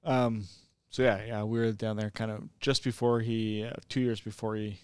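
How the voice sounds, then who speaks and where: Smooth-voiced man chatting hesitantly. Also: on the low side, level tone, normal speed, darkish tone, no room sound, studio quality. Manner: hesitant, fills with um and uh. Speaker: podcast co-host. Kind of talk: casual chat.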